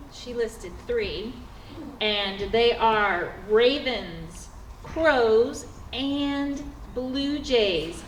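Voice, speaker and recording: Playful woman emcee, slow and high. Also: recorded from a distance. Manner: playful and chatty. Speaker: emcee of a story slam. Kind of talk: introducing performers at a live event. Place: stage in a large hall. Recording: echoey hall, mic some way off, audible room noise.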